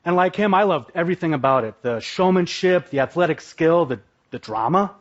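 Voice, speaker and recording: A man's voice: fairly high pitch, lively intonation, a little fast. A man from Minnesota giving a live stage talk, telling his story in a vivid, dramatic way. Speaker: speaker, former pro wrestler. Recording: dull, lo-fi live recording.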